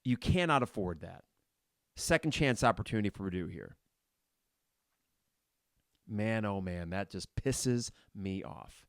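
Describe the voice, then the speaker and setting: Male podcast host, low voice, dry sound; live play-by-play, blunt and cussing. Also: expressive, unhurried, pauses often, clear, resonant tone, no room sound. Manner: blunt and frustrated, shouts at players; swears casually. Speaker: podcast host reacting live to a basketball game.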